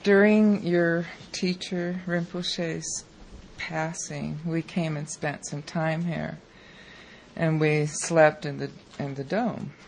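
A woman's voice: low-pitched, steady tone, gravelly, a little mellow, slight background noise. A woman invited to share a personal dream, speaking hesitantly. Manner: slow, hesitant storytelling. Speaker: invited student sharing a dream. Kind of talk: personal account.

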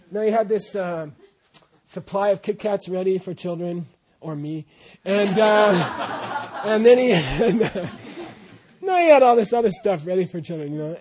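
In a high, somewhat mellow voice, a male translator casually recounts rambling anecdotes about his teacher to a group, wandering off into frequent asides.

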